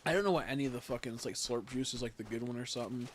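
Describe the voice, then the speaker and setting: A young man chatting loosely over a game stream, his voice sitting at an ordinary middle pitch. He rambles, laughs at his own jokes and swears without care, with a faint hiss of noise underneath. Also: rapid-fire. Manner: rambling, giggly, swears freely. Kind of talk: casual livestream chat while gaming.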